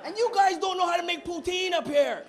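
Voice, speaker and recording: A man from Montreal performing a stand-up comedy routine on a club stage, punchy and animated, slipping into voices. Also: very high-pitched, fairly quick, a faint crowd. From Montreal, Canada. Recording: noisy live club recording.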